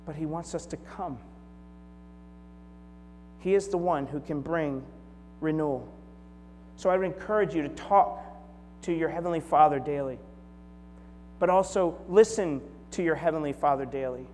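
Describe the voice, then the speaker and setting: A male pastor in his forties gives a conversational sermon in a slightly high voice. His delivery moves between upbeat storytelling and quiet, hushed reflection. The church hall adds a long reverb tail over a faint electrical hum. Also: normal speed, pauses often. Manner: conversational, moves from lively storytelling to soft, hushed prayerful tones. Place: church sanctuary.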